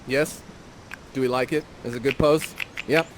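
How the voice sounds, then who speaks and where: A man's voice: mid-range voice, slight background noise. A man acting as a playful, theatrical director, guiding audience members through an improvised scene. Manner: animated, playful and theatrical, with quick asides. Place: virtual reality theater show.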